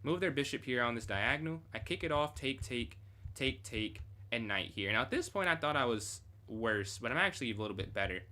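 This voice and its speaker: Young man, chess streamer, bright voice, casual think-aloud game review, keyboard typing behind. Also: medium pitch, lively intonation, a little fast. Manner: thinks aloud, chatty, reads chat.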